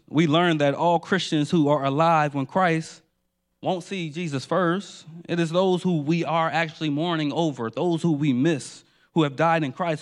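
Man preaching in rhythmic refrains. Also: fairly high pitch. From New Jersey. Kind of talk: sermon.

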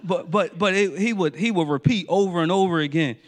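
A man's voice: sits high, fairly quick, few pauses. Man preaching in rhythmic refrains. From New Jersey. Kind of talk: sermon.

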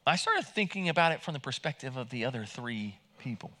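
A male pastor delivers a casual, conversational sermon, his pitch rising and falling in a lively way. His voice is bright and forward, and he stumbles and restarts often as he retells the story. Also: fairly quick. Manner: conversational, animated, many restarts, acts out quotes in raised voice.

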